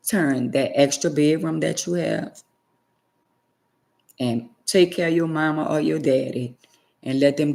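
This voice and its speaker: Gravelly-voiced woman preaching to viewers. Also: deep voice, darkish tone. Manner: emphatic and scolding, repeats phrases for effect. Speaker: vlogger. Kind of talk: preachy direct-to-camera talk.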